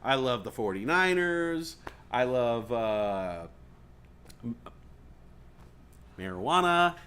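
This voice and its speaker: A man hosting a talk show, telling comic stories in a casual, animated way, swearing freely and acting out voices. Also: medium pitch, slow, clean tone. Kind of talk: comedic storytelling chat. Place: studio or stream set.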